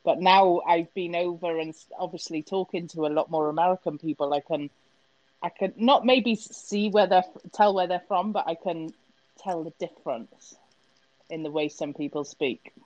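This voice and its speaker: A British woman guesting on a casual podcast, friendly and quick to laugh. Her voice sits a little low for a woman and she speaks in a relaxed, conversational way. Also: no echo, highs cut off. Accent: British English. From United Kingdom. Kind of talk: casual chat.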